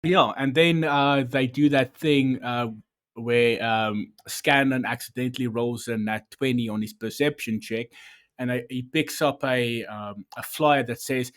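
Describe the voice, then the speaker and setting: Brief: a sarcastic podcast host, rambling and profane, in a mid-range voice. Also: male voice, medium pitch, fairly even intonation, a little slow. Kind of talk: casual review chat.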